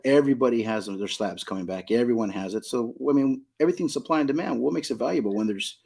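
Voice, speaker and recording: Husky middle-aged man, emphatic talk. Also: medium pitch, quick pace, a little mellow. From Southern California. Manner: emphatic, repeats points, asks "you know what I mean?". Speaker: card shop owner, guest. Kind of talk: casual podcast conversation.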